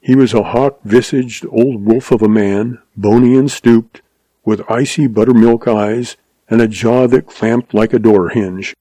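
A man narrating a western audiobook in a steady storytelling voice. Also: medium pitch, unhurried, no room sound, poor audio.

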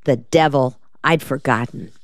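A woman's voice: very deep voice, measured pace, dry recording. Woman reading as a shrewd, decisive male lawyer. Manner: dry, decisive, teasing. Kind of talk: audiobook reading.

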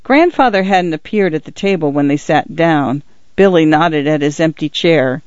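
A man narrating a story in a steady, even audiobook reading. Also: fairly high pitch, moderate pace, dry recording. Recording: dull, lo-fi dry recording.

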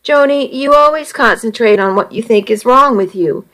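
A woman voicing an easygoing teenage boy who teases his best friend in a calm, matter-of-fact way. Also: a little high, moderate pace, lightly acted, poor audio.

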